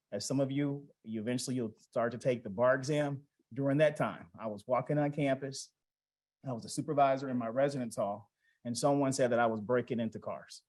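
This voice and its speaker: A man's voice: mid-range voice, a little mellow, low-quality recording. A man in his forties giving an award speech, telling a personal story in a conversational way, acting out family dialogue and asking the audience questions. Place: event hall.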